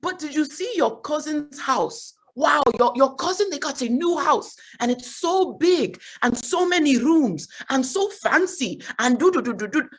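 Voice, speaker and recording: A woman voicing her bragging Nigerian mother in a high, exaggerated, sing-song way. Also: expressive, a little slow, few pauses.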